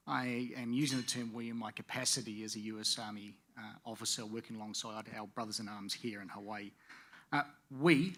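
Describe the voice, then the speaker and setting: Bright-voiced man giving a conference speech. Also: medium pitch. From Pacific Islands. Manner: measured, with frequent "uh" fillers. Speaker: panelist. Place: conference venue.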